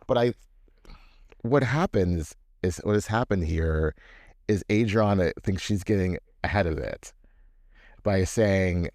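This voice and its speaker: A man's voice: sits low, takes it slowly, pauses often, no room sound, studio quality. A young man co-hosting a podcast, chatting casually about reality TV and acting out what people said. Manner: animated, acts out quoted voices. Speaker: podcast co-host. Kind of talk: casual chat recapping reality TV.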